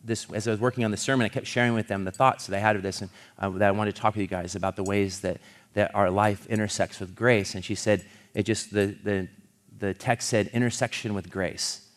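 Earnest low-voiced male pastor preaching. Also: steady tone. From California. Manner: earnest, halting restarts, swells louder when building a point. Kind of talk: sermon storytelling.

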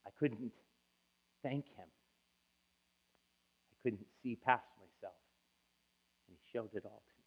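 A man preaching as a pastor offers an emotional, confessional testimony of his own experiences. His voice is fairly low and slightly rough, and he goes slowly with frequent pauses, all in tinny, phone-like audio.

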